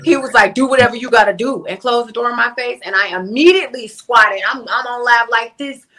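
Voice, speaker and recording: A young adult woman, an interview guest, telling a story in a candid, profane and animated way. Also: a little high, fairly quick. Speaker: interview guest, livestream influencer. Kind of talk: casual storytelling.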